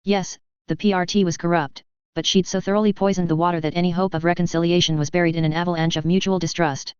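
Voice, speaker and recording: Brief: woman storyteller, lowish pitch, lo-fi dull recording, steady narration. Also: quick pace, smooth, no echo. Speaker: reader. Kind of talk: audiobook reading of fan fiction.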